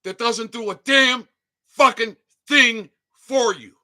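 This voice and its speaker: A man hosting a livestream, delivering an angry, swearing rant that breaks into shouting. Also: very high voice, slow. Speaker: livestream host. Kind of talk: profane ranting livestream. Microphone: desk mic, sometimes too close.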